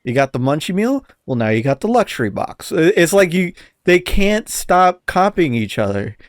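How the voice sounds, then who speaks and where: A man's voice: on the high side, very animated, moderate pace, dry recording, studio quality. A man co-hosting a podcast, ranting in casual chat and swearing a lot. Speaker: podcast co-host.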